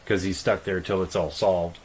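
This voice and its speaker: A man with a fairly low voice chats casually as a podcast co-host. He talks bluntly, swears freely, and mocks people with quick put-on quotes. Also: little pitch movement, darkish tone, slightly rough, rough recording. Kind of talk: casual chat.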